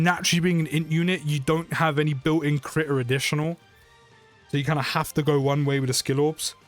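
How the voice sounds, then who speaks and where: Young British man, excitable gameplay commentary, slightly high voice, faint game music underneath. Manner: chatty and excitable, rambling self-corrections. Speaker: mobile game YouTuber.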